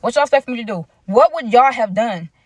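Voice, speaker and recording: A woman's voice: a little high, lively intonation, fairly quick, breathy edge, dry recording. A young woman telling a personal story in a casual, chatty way, talking straight to her viewers. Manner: chatty, addresses viewers directly.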